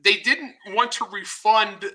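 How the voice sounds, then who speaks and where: Blunt, bright-voiced man telling stories. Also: high voice, slow pace, slight background noise, rough recording. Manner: blunt, animated storytelling with swearing. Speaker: guest author. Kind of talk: casual interview talk.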